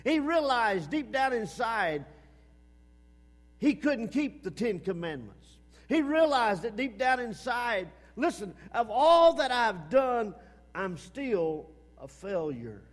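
A man preaching a sermon with emphasis, repeating his phrases and swinging between loud and hushed. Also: extremely high pitch, big pitch swings, takes it slowly, big-room sound.

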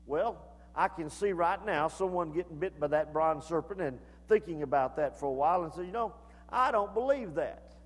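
A man preaching a sermon as pastor, in a folksy way that builds to shouted fervor. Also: a little high, expressive, moderate pace. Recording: long hall reverb.

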